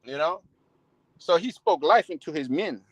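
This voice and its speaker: A man's voice: a little high, very animated, moderate pace, creaky, dry recording, low-quality recording. A man preaching in a casual, heated style, swearing often and restarting his sentences. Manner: heated, profane, many restarts. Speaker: street preacher. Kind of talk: casual sermon with profanity.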